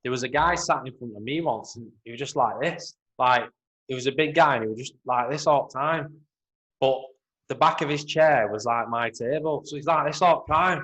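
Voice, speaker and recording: A young man co-hosting a podcast, chatting casually with relaxed, sweary banter. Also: mid-range voice, a little fast, rough recording. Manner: laid-back sweary banter. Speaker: podcast co-host. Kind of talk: casual chat.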